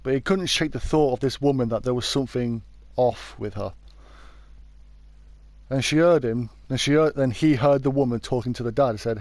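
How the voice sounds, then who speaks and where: Chatty British man, mellow voice. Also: medium pitch, moderate pace, no room sound. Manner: chatty, informal, often backtracks to correct himself. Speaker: YouTube true crime host. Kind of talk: casual storytelling narration.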